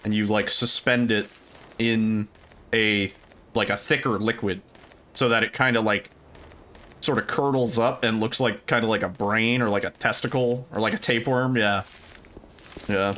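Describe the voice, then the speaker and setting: A man's voice: lowish voice, steady tone, normal speed, fairly bright tone. A young man livestreaming, chatting casually with viewers, rambling with fillers, laughing often and swearing freely.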